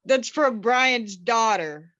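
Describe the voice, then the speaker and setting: A woman's voice: a little high, animated, slow pace, a bit bright, no room sound, muffled recording. A woman client giving brief answers during a reading. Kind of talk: casual conversation.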